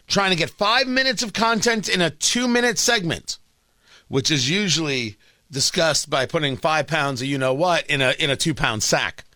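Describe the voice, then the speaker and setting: A male radio talk show host giving opinionated political commentary, sarcastic and emphatic, with dramatic pauses. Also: high voice, sharp tone, no echo, studio quality.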